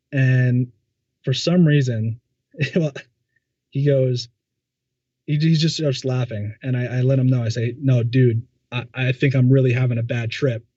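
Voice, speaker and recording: A man recounting a personal story in a relaxed, meandering way, stumbling over and repeating his words. His voice is mellow and soft-edged, with a dry, close sound. The recording is somewhat dull and lo-fi. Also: medium pitch, dry recording. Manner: halting, stammers and repeats words, many fillers. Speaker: podcast guest.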